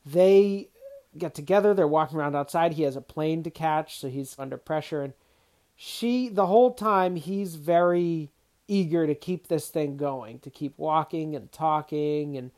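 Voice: medium pitch, moderate pace, darkish tone. Reflective film commentator thinking aloud. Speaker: film reviewer. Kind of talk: casual spoken film commentary.

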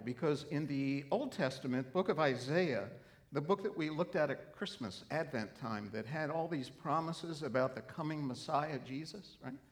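A middle-aged pastor with a slightly high voice preaches a sermon. He tells a story earnestly before rising into emphatic, animated preaching.

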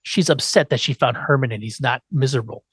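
A man's voice: medium pitch, quick pace, a bit bright, husky, no echo. A man hosting a podcast, telling an episode's story in a casual chat, acting out quotes and swearing now and then. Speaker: podcast host.

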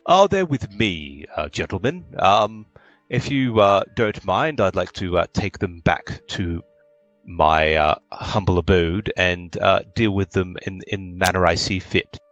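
Guy doing a polite formal elf noble, deep-ish, slow and measured. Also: expressive, fairly bright tone, dry recording, lo-fi sound, soft background music. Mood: polite, composed. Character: dignified middle-aged male wood elf noble.

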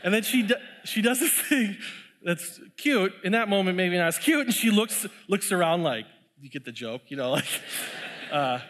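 Storytelling pastor in an echoey hall. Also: male voice, high voice, expressive, normal speed, a bit bright. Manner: conversational storytelling, laughs often. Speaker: pastor sharing testimony. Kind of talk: sermon with personal story. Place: church.

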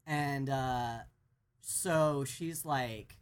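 Brief: podcast co-host, rambling casual recap, mid-pitched voice. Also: a little slow, fairly bright tone. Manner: rambling, lots of fillers and restarts.

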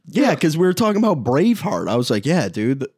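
A man's voice: a little high, very animated, a little fast, a little mellow, breathy edge, dry recording, clean studio sound. A young man in laid-back casual chat with a friend, using slang and laughing often.

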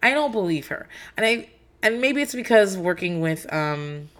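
A woman's voice: mid-range voice, big pitch swings, moderate pace, fairly bright tone. A woman in her thirties or forties recapping reality TV in a candid, profane, rambling way, with frequent fillers. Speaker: podcast host.

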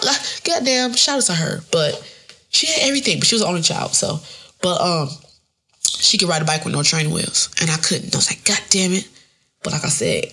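Gravelly, husky woman podcaster. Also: fairly low pitch, a bit bright. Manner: profane, rambling, laughing often. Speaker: podcast host. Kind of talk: casual solo podcast monologue.

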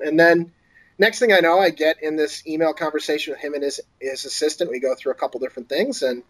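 A man's voice: fast talker, poor audio. A man, an author guest on an interview podcast, telling a story casually and acting out other people's lines in a lifted voice. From Boston area. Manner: animated, acts out quoted voices in a higher pitch.

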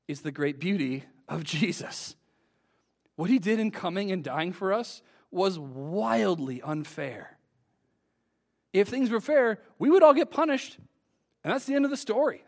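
A man's voice: high-pitched, expressive, measured pace. A man preaching an earnest sermon to a congregation, building to emphatic peaks.

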